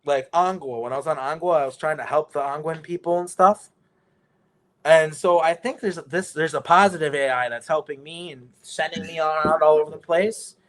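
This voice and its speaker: A man's voice: on the high side, normal speed, a bit bright. A man telling a rambling story in casual conversation, swearing often and restarting his sentences. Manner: rambling, profane, many restarts.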